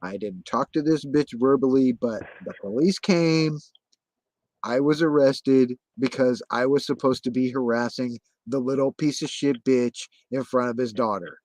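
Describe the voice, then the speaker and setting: A man's voice: medium pitch, a little slow, darkish tone, dry recording. A man telling his story in casual conversation, agitated and profane, insisting on the same points again and again.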